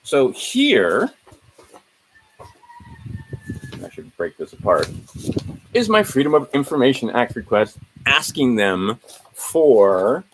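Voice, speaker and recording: A man's voice: medium pitch, a little hiss or hum, low-quality recording. A man walking viewers through his documents in a casual screen-share, rambling and correcting himself as he rattles off legal citations. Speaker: video host.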